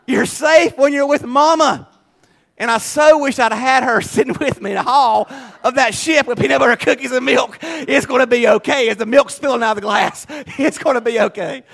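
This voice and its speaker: High-voiced folksy pastor. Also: male voice, vocal fry, fairly bright tone. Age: 40s. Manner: folksy, storytelling, laughing often. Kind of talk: sermon. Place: church.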